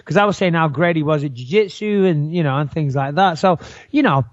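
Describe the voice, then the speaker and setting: British guy rambling thru a story on a podcast, pretty high voice, dry lo-fi sound. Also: fairly quick, no room sound. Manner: argumentative. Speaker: podcast co-host. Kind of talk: casual podcast chat.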